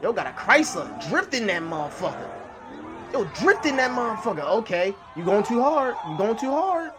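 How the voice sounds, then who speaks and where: Reaction host, male, excitable and loud, very lively delivery. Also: high voice, normal speed, over music. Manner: excitable, yells at the clips, heavy swearing. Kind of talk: casual profane reaction commentary.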